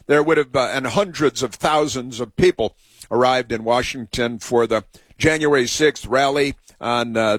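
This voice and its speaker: A man from the United States hosting a call-in radio show, talking in a rambling and sarcastic way with many filler pauses. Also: mid-range voice, a bit bright, dry recording. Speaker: radio talk show host.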